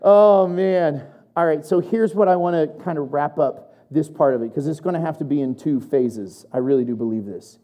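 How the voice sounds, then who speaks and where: A preacher giving a sermon, animated and chatty, laughing often and building to loud emphasis. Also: medium pitch, a little slow, long pauses. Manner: chatty asides to the congregation.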